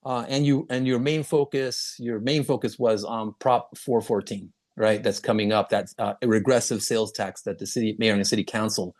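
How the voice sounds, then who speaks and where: Halting man hosting a casual interview. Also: fairly low pitch, steady tone, darkish tone. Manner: halting, many restarts and laughs. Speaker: podcast host.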